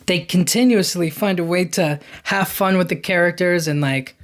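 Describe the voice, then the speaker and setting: A man hosting a podcast, casually retelling a film's plot in a rambling, enthusiastic way, slipping into quick quoted lines. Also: high-pitched. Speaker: podcast host. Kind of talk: casual movie recap.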